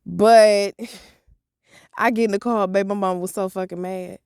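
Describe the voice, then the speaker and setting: A woman vlogger telling a story from her own life in an animated, profane, blunt way. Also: mid-range voice, slow pace, smooth, no echo, clean studio sound. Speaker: motivational vlogger. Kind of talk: storytime vlog.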